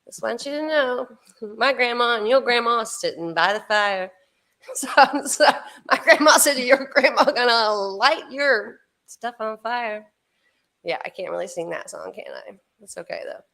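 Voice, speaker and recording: A woman's voice: a little high, animated, moderate pace, vocal fry, pushed and bright. A woman in her fifties hosting a casual podcast livestream, chatting with a co-host and greeting viewers with frequent laughter. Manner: bubbly, laughs often, chatty asides to viewers.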